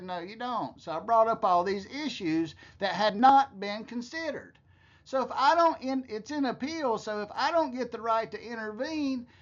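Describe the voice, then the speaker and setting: A man's voice: sits high, dull audio. A man giving heated, scornful commentary, ranting with profanity. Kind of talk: angry commentary.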